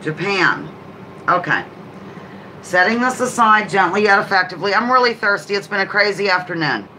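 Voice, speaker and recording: A woman hosts a casual live trivia game with a bright, clear voice at an ordinary middle pitch. She chats loosely between questions and welcomes viewers by name. When she reads a question, she draws it out slowly. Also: big pitch swings, slight background noise, low-quality recording. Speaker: livestream host.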